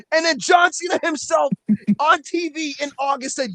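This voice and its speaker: A man's voice: extremely high pitch, moderate pace, pushed and bright, dry recording, low-quality recording. A man ranting animatedly on a casual wrestling podcast, swearing and mocking the people who doubted him. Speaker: podcast co-host.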